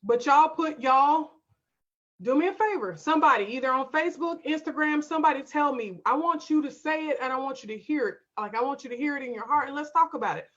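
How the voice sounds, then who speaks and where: A fairly high-voiced woman hosts a casual livestream from her desk, reading out viewer comments and speaking straight to her audience. Her delivery is emphatic and folksy, and the audio sounds a little dull and lo-fi. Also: a little fast, fairly bright tone. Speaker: homeschool livestream host.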